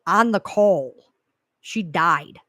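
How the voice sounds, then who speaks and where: A woman's voice: fairly low pitch, extremely slow, sharp tone, dry recording, clean studio sound. A woman who covers true crime, talking bluntly and with profanity in a casual chat.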